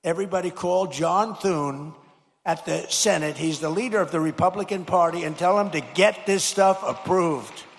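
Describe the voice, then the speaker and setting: An older man giving a rambling, repetitive campaign-style speech at a podium microphone, rising to shouted slogans. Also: high voice, normal speed, creaky. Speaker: political speaker. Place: large hall at a high school. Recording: reverberant hall.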